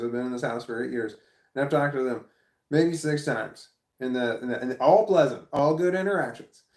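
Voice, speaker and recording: A man in the middle of a casual vlog story, rambling through it and swearing freely. His voice sits at an ordinary pitch and bounces around an echoey room. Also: a little mellow. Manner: rambling, repeats himself, swears often. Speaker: vlogger.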